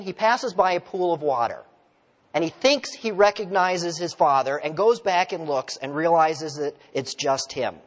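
A male pastor preaching a sermon in a relaxed, conversational way, telling stories and asking the congregation questions. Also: a little high. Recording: long reverb of a large hall.

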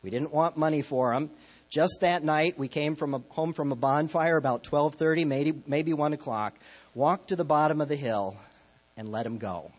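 A man's voice: a little high, normal speed, long reverb tail, close to an everyday voice. A man voicing a plainspoken Southern woman giving an interview, with an attempted Southern accent. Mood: matter-of-fact.

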